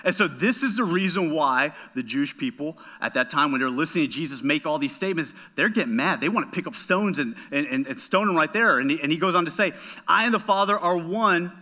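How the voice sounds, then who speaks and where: A man's voice: a little high, animated, fast, few pauses, bright, forceful tone. A man preaching a sermon as a pastor, emphatic, often checking in with "right?" and repeating words as he goes.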